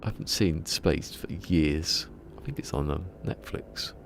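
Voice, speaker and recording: A man with a low voice chats loosely to his live-stream audience from a home gaming setup. He rambles from one thought to the next and laughs at his own jokes. His voice carries a gravelly edge, with faint background noise. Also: a little slow. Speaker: game streamer. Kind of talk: casual live-stream chat.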